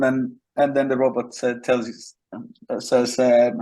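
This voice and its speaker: A man, a guest in a casual interview, telling animated stories with frequent restarts. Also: mid-range voice, a little slow, rough recording.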